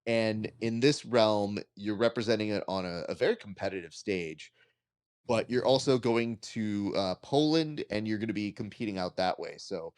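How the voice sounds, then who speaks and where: A man hosting a casual interview podcast, telling stories in an animated, joking way. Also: lowish voice, normal speed, smooth. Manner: animated joking storyteller, acts out quotes. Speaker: podcast host.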